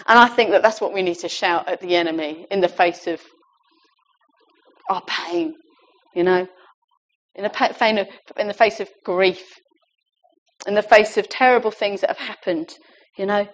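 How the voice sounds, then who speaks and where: A woman's voice: medium pitch, measured pace, long pauses. A woman preaching a sermon in an earnest, emphatic way, with laughs and asides.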